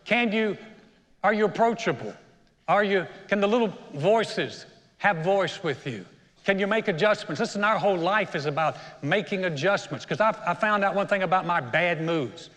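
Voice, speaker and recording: A man's voice: high voice, animated, normal speed, a bit bright, big-room sound. A middle-aged man, the senior pastor, preaching a sermon in a conversational, storytelling way with self-deprecating humor. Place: church auditorium.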